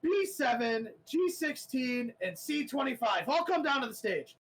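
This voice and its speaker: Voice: expressive, unhurried, slightly rough, heavily acted, low-quality recording. A game master voicing a nervous male tournament announcer who stammers anxiously. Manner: stammering, high-pitched, anxious. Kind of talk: tabletop game character voice.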